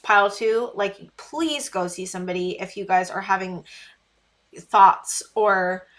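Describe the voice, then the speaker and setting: A woman's voice: mid-range voice, fairly bright tone. A woman giving a casual tarot reading to camera. She speaks earnestly and pleadingly, repeating her words and using many fillers. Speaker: tarot reader.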